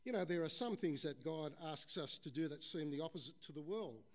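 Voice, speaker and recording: A male preacher delivers a sermon in a relaxed, conversational way, speaking to his listeners as "folks." His voice sits a bit higher than most men's, and he tells illustrative stories along the way. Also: brisk.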